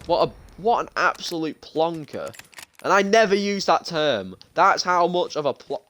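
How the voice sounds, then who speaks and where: A man's voice: a little high, sing-song, moderate pace, a bit bright. A young British man in his late teens, chatting and ranting casually while streaming a game, often restarting his sentences. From United Kingdom. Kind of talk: casual gaming stream chat. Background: faint game gunfire.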